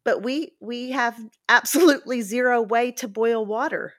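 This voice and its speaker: A woman's voice: fairly high pitch, normal speed, dry recording, clean studio sound. A woman hosting a casual podcast conversation, telling stories animatedly and acting out what people said. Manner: animated storyteller who acts out quotes.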